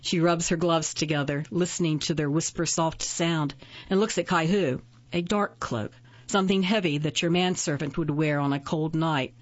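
A woman narrating a fantasy story in a steady, measured reading. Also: low voice, muffled recording. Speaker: audiobook narrator. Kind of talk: scripted narration.

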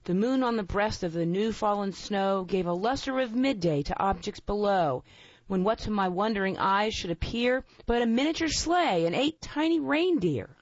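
A woman recites a holiday poem at a steady pace. The sound is dry and slightly dull, with no room around it. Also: medium pitch, normal speed, dry recording. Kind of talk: reading poem aloud.

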